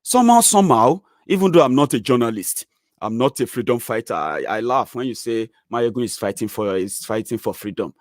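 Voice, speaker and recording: Brief: Nigerian man, Yoruba accent, mid-pitched, lively chatty vlogger, dry close sound. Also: fairly quick, dry recording. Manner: animated, chatty, many fillers, lively rising swings. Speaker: channel host. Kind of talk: casual commentary monologue.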